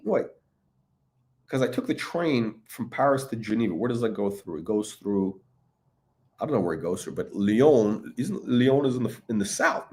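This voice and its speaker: A man's voice: mid-range voice, a little mellow. A man talking in a rambling, profane monologue, with many fillers, restarts and laughs between remarks. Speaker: watch commentator.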